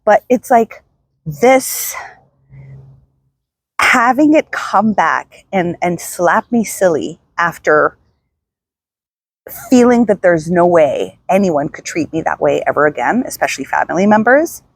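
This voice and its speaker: A middle-aged woman vlogger telling a personal story to the camera in a reflective, halting way, often restarting her sentences. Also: fairly low pitch, animated, gravelly, husky, no room sound. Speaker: self-help vlogger.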